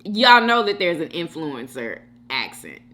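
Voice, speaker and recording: Animated, unhurried woman mukbang host. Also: lowish voice. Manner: animated, chatty, laughs often, talks straight to viewers. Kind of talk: casual reaction chat.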